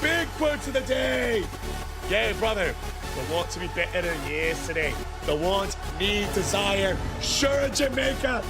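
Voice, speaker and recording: A young man live-streaming a game, greeting chat loudly with hype shouts and frequent swearing. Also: sits high, sing-song, moderate pace, creaky, music in the background. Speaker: gaming streamer.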